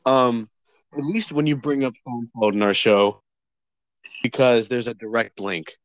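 A man co-hosting a podcast, casually critiquing a film with halting, filler-heavy talk. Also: medium pitch, steady tone, dry recording. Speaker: podcast co-host. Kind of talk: casual movie chat.

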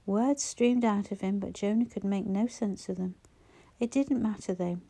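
Audiobook narrator: woman, mellow tone, measured and gentle delivery. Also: medium pitch, breathy edge. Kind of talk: scripted narration.

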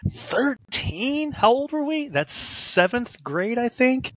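Young man, animated jokey podcast chat, bright voice, slightly dull dry recording. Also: very high voice, slow pace, dry recording. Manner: animated, jokey, says bro and dude. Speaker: podcast co-host. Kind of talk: casual chat.

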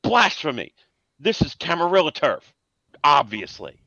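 A man voicing a haughty, prim older gentleman vampire, raising his voice high, on a dull lo-fi recording. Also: sing-song, measured pace, dry recording, heavily acted. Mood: indignant.

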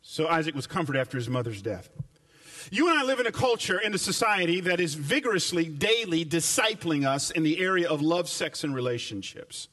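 A male pastor with a high voice that leaps up and down as he preaches. He hammers repeated phrases and slips into folksy, humorous asides to the congregation, and the mic picks him up from some distance. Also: animated, fairly quick, pushed and bright. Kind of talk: sermon. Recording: voice picked up from a distance.

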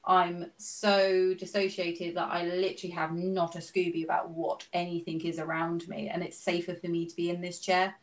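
A woman, chatty and excitable in a casual conversation, laughing often. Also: on the low side, normal speed, few pauses, far from the mic, poor audio. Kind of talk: casual chat. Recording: voice a little off-mic.

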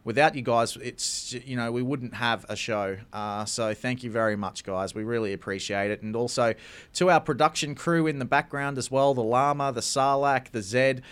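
A man's voice: mid-range voice, normal speed, a bit bright, clean tone. Enthusiastic Australian man co-hosting. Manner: enthusiastic, laughs often. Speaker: podcast co-host. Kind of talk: casual podcast chat.

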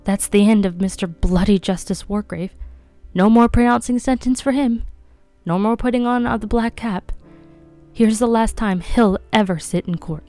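Sardonic adventurer man, read by a woman, mocking and bitter, fairly low voice. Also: brisk, dark tone, clear, resonant tone, faint music behind, natural voice. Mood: wild. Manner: mocking, with harsh laughter.

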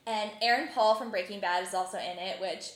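A woman's voice: mid-range voice, fairly quick, reverberant. A young woman co-hosting a podcast, chatting casually about films and filling her talk with "like". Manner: chatty, many fillers like "like". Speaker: podcast co-host.

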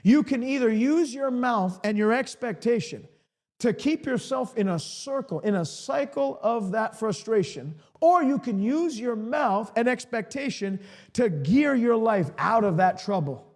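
A man's voice: very high voice, expressive, measured pace, long reverb tail. A man preaching an emphatic live-streamed sermon, repeating key lines for emphasis.

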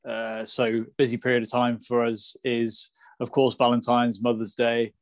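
A man explains things as a podcast co-host, often repeating the first words of a phrase. His delivery stays flat and even. The recording is dry and close. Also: mid-range voice, moderate pace, no room sound. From England. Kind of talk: casual podcast chat.

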